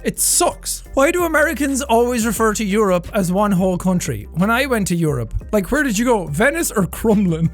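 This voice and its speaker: An excitable streamer with an Irish accent from Offaly, swearing and laughing through casual reaction commentary. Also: mid-range voice, fairly quick, few pauses, faint music behind. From Offaly, Ireland.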